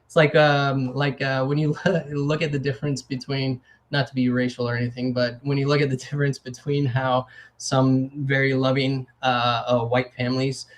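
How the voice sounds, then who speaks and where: A man's voice: medium pitch, level tone, normal speed. A man hosting a casual talk show, rambling with many restarts and acting out little quotes. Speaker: podcast host. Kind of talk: casual chat.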